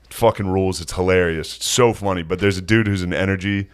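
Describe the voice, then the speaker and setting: A man's voice: low voice, steady tone, fast, clean tone. A man co-hosting a podcast, laid-back and joking, with casual swearing. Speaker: podcast co-host. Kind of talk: casual chat.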